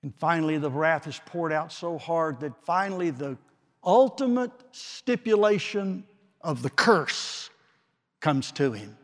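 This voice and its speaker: A man preaching a sermon with slow, dramatic delivery and long pauses, swinging from forceful declarations to hushed, quiet phrases. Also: on the high side, animated. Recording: long reverb of a large hall.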